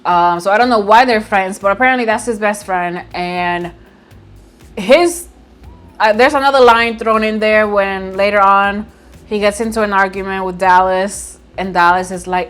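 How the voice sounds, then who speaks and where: A woman casually recapping and reviewing a movie at home by her window, chatty and expressive, often laughing as she retells scenes. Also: medium pitch, normal speed, clean tone, faint music behind.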